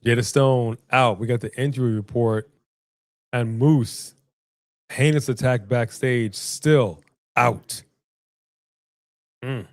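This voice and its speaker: A man's voice: mid-range voice, slow pace, pauses often, no echo, clean studio sound. Man doing playful wrestling watch-along commentary. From Los Angeles. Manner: joking, calls the action, playful banter. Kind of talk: casual live-stream commentary.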